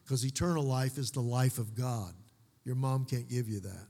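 A man preaching a sermon as pastor, folksy, with joking asides and slow, emphatic repetition of key words. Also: medium pitch, gravelly, warm tone. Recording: long hall reverb.

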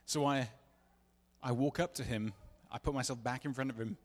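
A preacher shares his personal testimony during a sermon, speaking earnestly and confessionally while acting out the dialogue. His voice is medium in pitch and moderately paced. The recording carries the long reverb of a large hall.

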